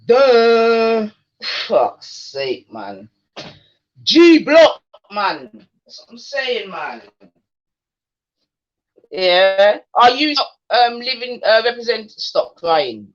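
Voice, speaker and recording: A woman's voice: medium pitch, very animated, drawn-out words, pauses often. A woman hosting a livestream, taunting and confronting a skeptic in casual slang. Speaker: livestream host. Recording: dull lo-fi stream audio.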